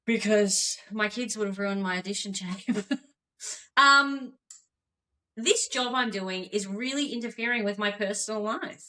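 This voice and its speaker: Woman, Australian accent, bright forceful voice, podcast co-host on a video call. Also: medium pitch, unhurried. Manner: animated storytelling with laughs. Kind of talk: casual chat over video call.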